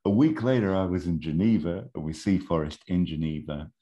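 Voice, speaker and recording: A man's voice: low voice, fairly quick, mellow, lo-fi sound. A man casually retelling a made-up film plot, rambling with lots of ums and amused asides. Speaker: storyteller pitching a film plot. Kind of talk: casual chat.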